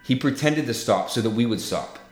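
A man co-hosting a casual faith talk, preaching fervently and then easing into soft reassurance. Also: mid-range voice, expressive, fairly quick, roomy sound, soft background music. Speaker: podcast co-host.

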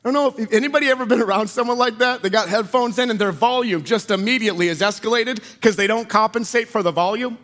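A man preaching a sermon, telling personal stories in an animated, conversational way and asking the audience questions. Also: high voice, fast, few pauses. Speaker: pastor.

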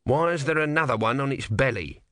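A man putting on a small, grumpy male tortoise god with a slow, querulous delivery and a sly edge. The voice is dry and close, with a lively rise and fall. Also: mid-range voice, dry recording, close to an everyday voice.

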